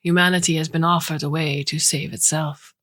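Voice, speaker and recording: A woman voicing an older silver-haired man with a faint Romanian accent who speaks in a slow, measured way. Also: low-pitched, steady tone, a bit bright. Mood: musing.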